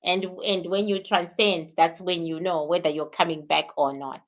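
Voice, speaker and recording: A woman's voice: lowish voice, steady tone, moderate pace. A woman hosting a spiritual livestream, answering viewer questions and thanking viewers, with emphatic repeated phrases. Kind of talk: live-stream talk answering viewer questions.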